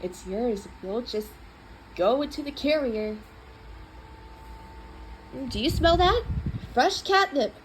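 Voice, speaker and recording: Lady doing a frazzled cat owner begging the cat, squeaky high and all over the place. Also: big pitch swings, slow, pauses often, background noise, heavily acted. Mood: pleading. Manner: exaggerated sugary then blustering, squealing. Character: flustered cat owner coaxing and bossing a stubborn cat.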